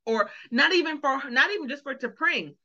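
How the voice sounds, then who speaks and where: Woman podcast co-host, bright and forceful, animated, lo-fi mic. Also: sits high, moderate pace. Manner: animated, acts out characters' lines, laughs often. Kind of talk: casual chat reviewing a TV episode. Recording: dull lo-fi sound.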